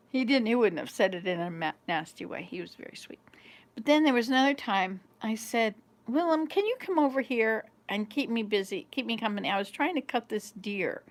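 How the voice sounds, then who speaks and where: A woman in her fifties hosting a vlog, telling rambling home stories to a small camera with frequent laughter. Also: medium pitch. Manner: rambling, chatty storyteller who laughs often. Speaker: vlog host. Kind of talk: casual chat to camera.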